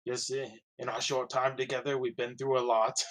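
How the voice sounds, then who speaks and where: A man's voice: medium pitch, flat delivery. A man playing in a tabletop role-play, speaking in character with an amused tone and frequent laughter. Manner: slow, amused, laughs often. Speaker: player.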